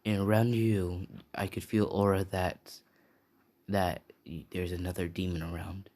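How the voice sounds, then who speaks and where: A loyal male demon servant who calls his master sir and warns him urgently. A man reads him out in a low voice. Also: little pitch movement, unhurried, a little mellow.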